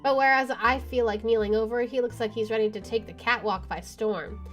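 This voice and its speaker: A woman's voice: fairly high pitch, steady tone, fairly quick. A woman streamer reading a visual novel aloud, with wry asides and swearing. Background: game music.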